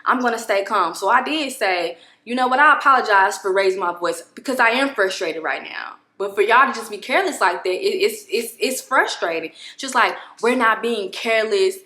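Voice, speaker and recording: A woman's voice: mid-range voice, brisk, few pauses. Exasperated woman vlogger, echoey room. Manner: expressive, exasperated, many restarts. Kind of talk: animated story-telling to camera. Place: home apartment room.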